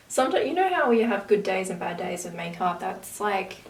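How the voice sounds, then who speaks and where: A makeup vlogger chats casually through a tutorial, rambling into asides as she works. Her mid-range voice is very animated and fairly quick, and the camera audio sounds roomy and distant with faint hiss.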